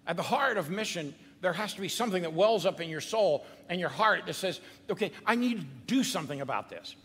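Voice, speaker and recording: A male pastor preaching a sermon in an animated, conversational way, with asides to the congregation. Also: sits high, brisk, slightly rough. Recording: long hall reverb.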